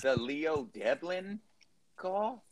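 A man's voice: a little high, big pitch swings, extremely slow, heavy background noise. A man co-hosting a casual podcast chat, laid-back as he retells a prank call. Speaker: podcast co-host.

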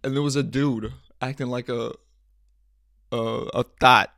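A man's voice: medium pitch, steady tone, unhurried, vocal fry, fairly bright tone, no room sound, studio quality. A young man hosting a casual solo podcast, telling stories in profane slang and laughing often. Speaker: podcast host.

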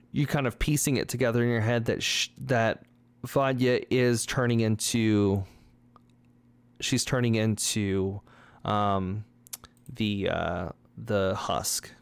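A man narrates as game master in a loose, rambling way, filling pauses with likes and ums. His voice is middle-pitched, and the sound is dry and close. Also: clear, resonant tone, no room sound.

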